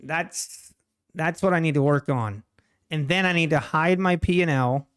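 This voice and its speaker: A man's voice: a little high, normal speed, fairly bright tone, clear, resonant tone. A man streaming his trading live, talking to the chart and chatting with viewers between laughs.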